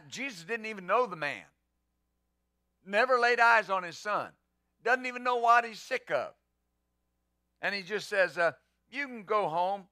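Bright, high-voiced preaching pastor. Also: male voice, no room sound, clean studio sound. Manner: emphatic preaching with rhetorical questions. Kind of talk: sermon.

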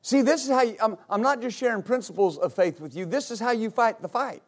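A male pastor preaching a sermon, rising into repeated, shouted exhortations to his congregation. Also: very high-pitched, fast. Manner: builds to shouted, repetitive exhortation.

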